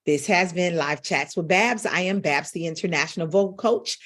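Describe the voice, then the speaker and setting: A woman's voice: fairly low pitch, normal speed, a bit bright. A middle-aged woman vocal coach giving a live-streamed voice lesson, speaking directly to her viewers.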